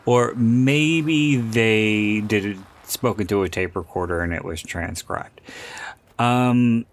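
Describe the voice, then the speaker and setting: A man co-hosting a casual movie podcast, blunt and swearing freely, with halting fillers. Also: fairly low pitch, a little hiss or hum. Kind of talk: casual movie commentary chat.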